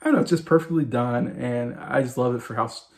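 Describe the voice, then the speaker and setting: A man in his forties talks about a favorite film in a loose, unscripted way. He sounds eager and gushing, and he keeps circling back with plenty of "you know" and "uh" as he goes. His pitch sits in an ordinary middle range. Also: quick pace. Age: 40s. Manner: enthusiastic, rambling, many fillers. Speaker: movie review vlogger. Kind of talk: casual film review monologue.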